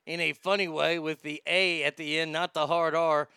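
A man's voice: on the high side, level tone, normal speed, bright, forceful tone, smooth, dry recording. Profane, rambling male podcast host. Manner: profane, rambling, reads listener comments aloud. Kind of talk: casual commentary.

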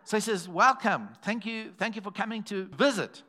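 A man's voice: sits high, moderate pace. A man preaching a sermon in a church, telling stories and calling out to the congregation. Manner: animated, calls to the congregation, acts out quoted voices. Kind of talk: sermon with storytelling.

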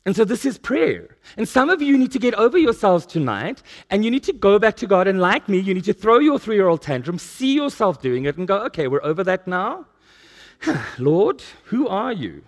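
A man's voice: high voice, very animated, a little fast, few pauses. A male preacher giving a sermon at a church service, telling stories with self-mocking humor.

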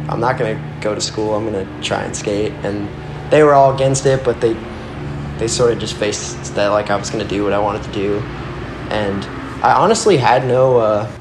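A man's voice: medium pitch, a little hiss or hum. A young man and guest skateboarder telling loose, rambling stories in casual chat, swearing and saying "like" a lot. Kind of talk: casual storytelling. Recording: roomy echo.

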